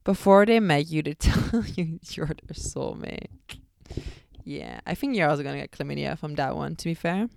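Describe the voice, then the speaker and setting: Young american woman podcasting, low gravelly voice, smooth and dry, blunt and swears a lot. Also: expressive, moderate pace, darkish tone, no room sound. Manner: blunt, chatty, swears freely. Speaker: podcast host. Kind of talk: casual chat.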